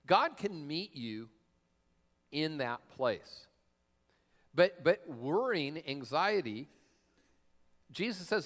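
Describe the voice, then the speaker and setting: A man's voice: a little high, expressive, unhurried, fairly bright tone. A middle-aged man preaching a sermon as pastor, telling stories in a loose, joking, conversational way. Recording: long reverb of a large hall.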